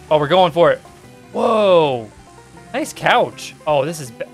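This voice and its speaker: Excitable young man with a lively voice. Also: fairly high pitch, moderate pace, husky, soft background music. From United States. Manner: excitable, jokey, bursts into yelps and shouts. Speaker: gaming channel host. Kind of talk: let's-play commentary.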